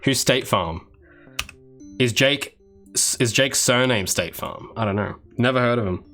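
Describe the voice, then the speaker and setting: An Australian game developer talks casually with viewers on a livestream while he works, rambling along with restarts and asides. His voice is mid-range and fairly bright, and he speaks unhurriedly. Soft music plays in the background.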